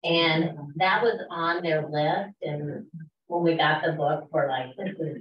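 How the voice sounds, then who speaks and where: A woman's voice: sits low, slow, a little hiss or hum. A woman in a casual group discussion who hesitates and searches for her words. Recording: roomy, distant, dull table mic.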